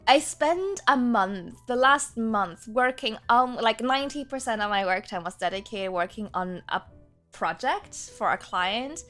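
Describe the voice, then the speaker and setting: Animated, laugh-prone woman streamer. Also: a little high. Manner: animated, laughs often, rambling restarts. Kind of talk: casual chat with stream viewers.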